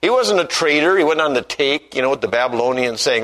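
A man's voice: medium pitch, expressive, fast talker, hardly any pauses, a bit bright, low-quality recording. A man preaching a sermon who tells stories and acts out the voices he quotes, and reads scripture in old-fashioned wording.

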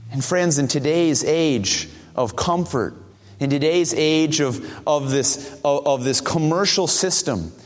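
Earnest preacher in a reverberant church. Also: male voice, fairly high pitch. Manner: earnest, rhetorical questions, reads scripture slowly. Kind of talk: sermon.

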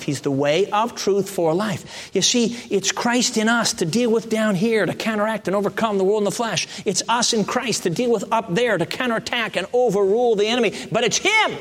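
A man preaching a sermon in a conversational way, jumping to emphatic high peaks and then dropping to soft, hushed lines. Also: animated, moderate pace. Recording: long reverb of a large hall.

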